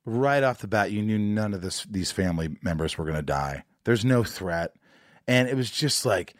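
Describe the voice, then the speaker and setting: A man's voice: lowish voice, big pitch swings, normal speed, no room sound, clean studio sound. A man hosting a podcast in casual chat, blunt and opinionated, wandering into asides. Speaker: podcast host.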